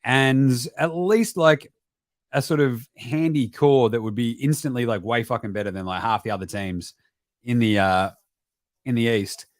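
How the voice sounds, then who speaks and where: A man's voice: medium pitch, normal speed, no room sound. Sweary Australian man, dry close sound. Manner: sweary, animated, breaks into mocking put-on voices and sudden shouts. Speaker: basketball podcast host. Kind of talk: profane casual live-stream commentary.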